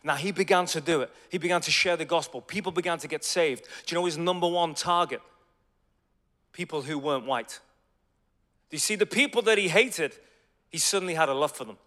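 A man preaching a sermon full of stories, conversational and energetic, swinging between loud bursts and hushed asides. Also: a little high, a little fast. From Ireland. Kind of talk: sermon with storytelling. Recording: long hall reverb.

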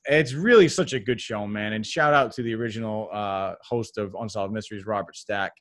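A man's voice: fairly low pitch, fairly quick, fairly bright tone, no echo, studio quality. A man hosting a podcast, talking in a laid-back, slangy, rambling way. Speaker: podcast host. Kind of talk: casual chat.

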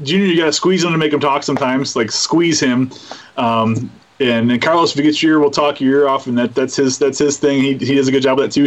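Rambling man hosting a casual chat. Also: medium pitch. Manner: rambling, repeats words, easygoing. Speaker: podcast host. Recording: slightly dull lo-fi sound.

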